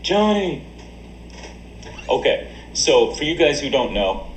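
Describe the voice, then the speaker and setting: A man's voice: mid-range voice, animated, normal speed, a little hiss or hum. Crude joking male streamer, roomy echo. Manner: crude, joking, laughs often. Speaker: livestreamer reading chat. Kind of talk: casual stream banter. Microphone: desk USB mic.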